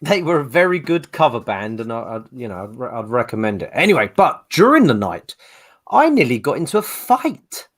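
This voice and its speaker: A man's voice: mid-range voice, brisk. A man, telling anecdotes in casual podcast chat, laughing often and doing voices. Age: late 30s. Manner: animated storyteller, laughs often, does voices. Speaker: podcast panelist.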